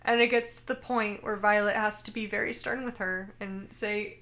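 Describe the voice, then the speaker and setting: A woman's voice: mid-range voice, little pitch movement, normal speed, a bit bright. A woman co-hosting a casual podcast, retelling anime scenes and quoting the characters in her own voice. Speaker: podcast co-host. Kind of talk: casual chat recapping an anime.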